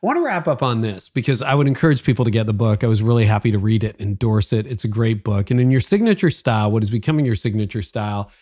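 A man's voice: on the low side, animated, fast talker, few pauses, darkish tone. A man hosting a podcast interview, speaking in a casual, complimentary way and laughing easily. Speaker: podcast host. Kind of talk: conversational interview.

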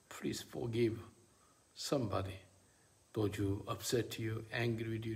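A man preaching a sermon, his voice gravelly with fry at the bottom. His English is halting and non-native, with plenty of fillers. He swings between quiet low murmurs and sudden high, ringing peaks of emphasis. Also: steady tone.

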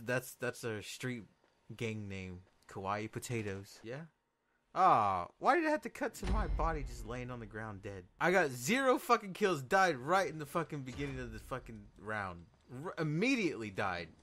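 A young man giving casual, excitable commentary over his own gameplay, swearing and bursting into loud outbursts. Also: medium pitch, moderate pace, slight background noise. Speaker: gameplay video host.

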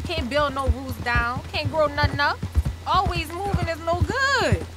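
A woman's voice: sits high, unhurried. An actress playing a stranded, distrustful older Cajun woman who rambles in folksy, broken grammar with a Cajun accent. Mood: chatty. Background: game music and horse hooves.

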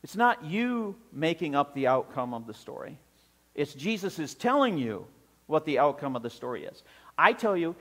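A man preaching a sermon as pastor, animated and acting out the scenes with voices, heard with long church reverb. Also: fairly high pitch, normal speed.

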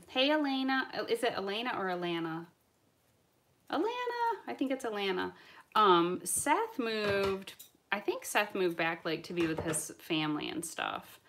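A woman hosting a live-stream toy unboxing. She chats excitably and answers viewer comments as she opens toys. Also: mid-range voice. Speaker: toy channel host. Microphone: camera mic on live stream.

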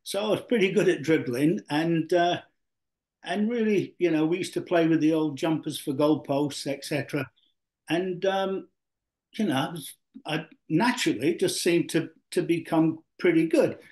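A man's voice: on the high side, normal speed, a little mellow. An older man from Yorkshire, a former footballer being interviewed, telling long stories full of fillers and restarts. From Yorkshire, England. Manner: rambling with many fillers and restarts. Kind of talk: storytelling interview.

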